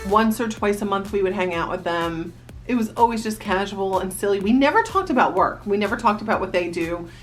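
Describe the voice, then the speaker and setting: A woman's voice: medium pitch, fairly quick, soft background music. Chatty woman vlogger from New Jersey. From New Jersey, USA. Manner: chatty, animated reminiscing with quoted voices. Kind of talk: casual storytelling to camera.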